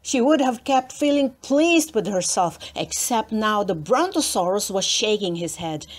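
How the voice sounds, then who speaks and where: Slow, expressive woman reading a storybook. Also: mid-range voice. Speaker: read-aloud book narrator. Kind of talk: children's storybook read aloud.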